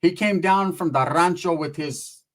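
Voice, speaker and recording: A man's voice: on the high side, measured pace. A man telling rambling, profane comedy stories about his family, slipping into impressions of his relatives. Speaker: comedic storyteller. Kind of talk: casual comedic storytelling monologue.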